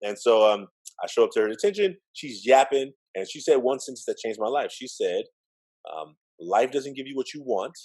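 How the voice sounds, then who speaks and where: A middle-aged man telling his life story in a relaxed interview, acting out the voices of the people he quotes. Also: mid-range voice, moderate pace, rough recording. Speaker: interview guest, educator. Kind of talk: storytelling in conversation.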